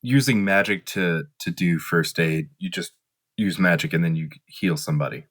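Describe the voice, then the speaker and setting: A man's voice: sits low, moderate pace, fairly bright tone. A man playing in a tabletop game who talks in a laid-back, drawling way. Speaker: player. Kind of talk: tabletop role-play banter.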